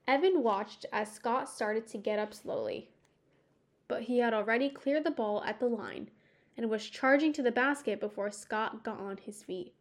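A woman narrating a children's sports story in a measured, expressive storytelling way. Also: a little high. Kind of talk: audiobook narration.

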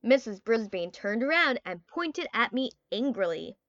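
Woman reading a kids book aloud, higher voice, kinda muffled lo-fi sound. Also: moderate pace, no room sound. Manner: expressive storytelling with quoted character lines. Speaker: audiobook narrator. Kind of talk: scripted narration.

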